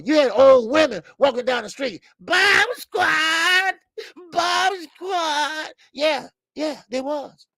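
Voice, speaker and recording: A man hosting a call-in boxing show, talking in an animated, profane way that repeats phrases for emphasis. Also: sits high, vocal fry, no echo, studio quality. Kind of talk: animated casual commentary.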